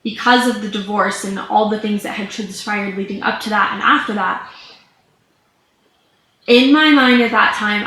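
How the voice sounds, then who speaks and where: A woman's voice: mid-range voice, bright, forceful tone. A woman in her thirties, a business coach, telling a personal story to camera in a candid, rambling way with lots of "like" fillers. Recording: echoey room with faint background hum.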